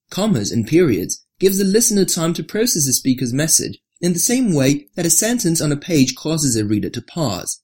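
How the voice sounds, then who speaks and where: Narrator for an article read-through: husky tone, lively pitch, scripted delivery. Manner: reads with marked rises and drops, lower for attributions.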